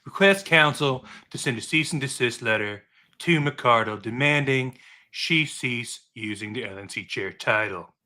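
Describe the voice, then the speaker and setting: A man doing an impression of a boastful older male politician, drawling slowly, repeating praise and insults. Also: medium pitch, bright, forceful tone. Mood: mocking.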